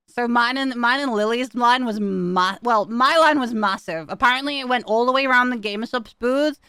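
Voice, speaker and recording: A young woman chats with her stream in a bright, smooth voice that sits a little high. Her talk is loose and giggly, with casual swearing and frequent asides to chat. The sound is close and dry, with no room around it. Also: normal speed, dry recording.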